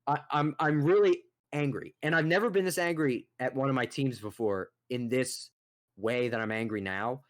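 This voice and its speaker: A young man co-hosting a casual sports podcast, ranting in a profane, exasperated, animated way. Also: medium pitch, moderate pace. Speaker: podcast co-host.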